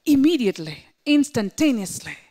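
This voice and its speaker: A woman pastor preaching a sermon, swinging between loud exclamations and hushed, whispered asides. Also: a little high, very animated, normal speed.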